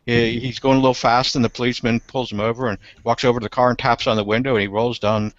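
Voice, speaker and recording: A man's voice: mid-range voice, level tone, fast, no echo. A man co-hosting a casual group video chat, stammering through restarts and telling jokes, over dull lo-fi online call audio.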